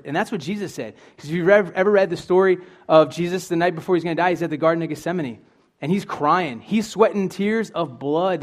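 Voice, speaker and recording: A young man preaching a sermon in an earnest, conversational way, asking his listeners questions. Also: fairly high pitch.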